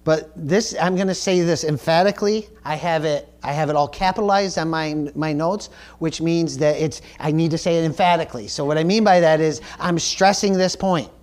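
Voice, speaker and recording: A male pastor with a slightly high, darkish voice preaches at normal speed with few pauses. Earnest and emphatic, he repeats words and keeps asking his congregation "Amen?"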